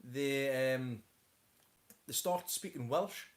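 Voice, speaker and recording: A man's voice: mid-range voice, takes it slowly. A man hosting a casual live chat from home, rambling with many stammered restarts. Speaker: host of a live stream.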